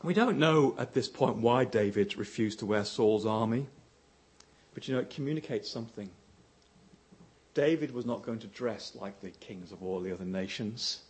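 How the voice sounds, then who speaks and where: A male preacher at mid pitch delivers a sermon in a lively storytelling way. His voice climbs for the quoted speech and drops low to press each point home. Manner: animated storytelling, voice rising for quoted lines and dropping low for emphasis.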